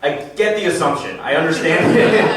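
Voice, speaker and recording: A man's voice: a little high, moderate pace, background noise. A young man performing a casual, self-deprecating stand-up set at a comedy club, with the audience laughing behind him. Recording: roomy club sound from a distant mic, crowd laughter.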